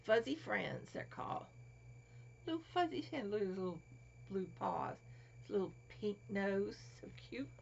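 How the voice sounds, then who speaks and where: Her mid-range voice is creaky and sing-song, at a normal speed, as this Florida crafting vlogger coos over small toys in a casual show-and-tell. She often lowers to a whisper, and the dull lo-fi home recording carries a faint hiss.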